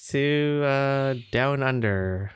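A man talks casually on a podcast, winding through his stories with frequent laughs. His voice sits at a middling pitch. It sounds close and dry, with almost no room around it. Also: extremely slow, clean tone, no echo. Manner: rambling, laughing storyteller. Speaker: podcast co-host. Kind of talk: casual chat.

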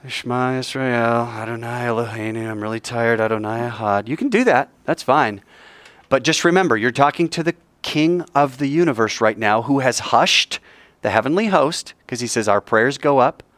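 A man's voice: medium pitch, a bit bright, no echo. A man teaching a Bible class, joking and playful with his students.

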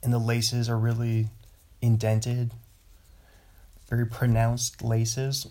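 A man from the Pacific Northwest hosting a casual podcast monologue, meandering from topic to topic and chuckling to himself. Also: mid-range voice. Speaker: podcast host.

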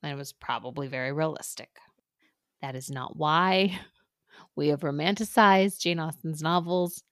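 A woman's voice: sits low, unhurried, fairly bright tone, dry recording, clean studio sound. A woman co-hosting a casual podcast chat, easygoing and self-deprecating. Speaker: podcast co-host.

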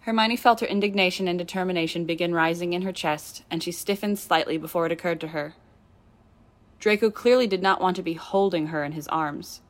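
Woman narrating a story in a low voice. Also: fairly quick. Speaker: audiobook reader. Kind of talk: scripted narration of a fan novel.

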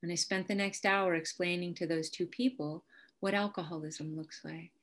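A woman giving a candid, wry personal testimony, telling her story with humor and sudden quiet moments. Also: fairly low pitch, steady tone, moderate pace. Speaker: speaker sharing recovery story.

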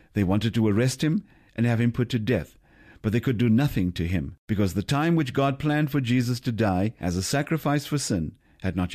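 A man's voice: medium pitch, a little mellow. A man giving scripted gospel teaching, earnest and putting questions to the listener. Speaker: radio preacher.

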